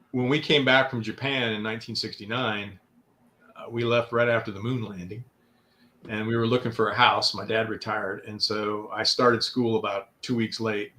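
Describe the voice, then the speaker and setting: A man's voice: on the low side, a bit bright. A man in his sixties, a guest in a casual interview, telling long anecdotes and acting out other people's quotes with a raised voice. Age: 60s.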